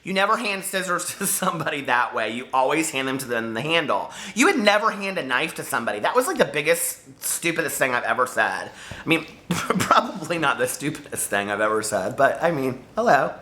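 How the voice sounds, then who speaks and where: A man hosting a casual book vlog from home, telling stories straight to his viewers. His voice is bright and forceful, and his pitch swings widely as he goes. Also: fairly quick, slight background noise. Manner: animated storyteller, talks straight to viewers. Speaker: book vlogger.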